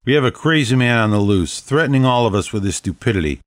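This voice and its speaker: A man voices a regal ancient female vampire leader in an audiobook, proclaiming boldly and statelike with a commanding air. His medium-pitched delivery is fast, lively in intonation and lightly acted. The studio-quality recording has no room sound.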